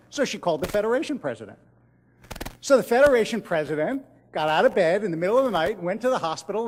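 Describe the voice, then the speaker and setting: A middle-aged man speaks to a large audience, with a fairly high voice that rises and falls in wide, lively swings. He tells stories with dramatic pauses and drops almost to a whisper on the most important lines. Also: long reverb tail, a little hiss or hum. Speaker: rabbi giving a keynote speech. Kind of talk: storytelling speech to an audience. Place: large event hall.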